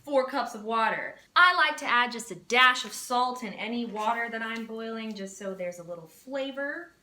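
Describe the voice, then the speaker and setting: Chatty high-voiced woman in her twenties. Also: normal speed, pushed and bright, echoey room, a little hiss or hum. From Texas. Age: 20s. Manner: chatty, playful, dramatic bursts of mock panic. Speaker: vlogger. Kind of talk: casual cooking vlog. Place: home kitchen.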